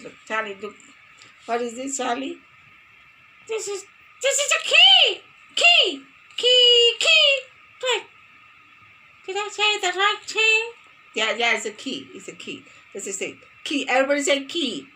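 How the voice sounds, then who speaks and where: A woman's voice: sits high, very animated, moderate pace, bright, forceful tone, slight background noise. A woman teaching a phonics lesson to young children, playful and sing-song, repeating words for them to copy.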